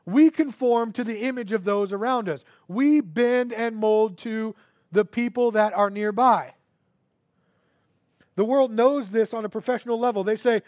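A man preaching a sermon to a church congregation, earnest and repetitive, swinging between hushed asides and loud emphasis. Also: high voice, a little slow, no room sound, dull audio.

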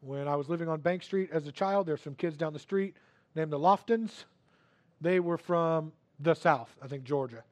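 In church before a congregation, a male preacher with a high voice delivers an earnest sermon at normal speed, repeating phrases and dropping to hushed asides before building to loud emphasis. The sound is dry and close, with no echo.

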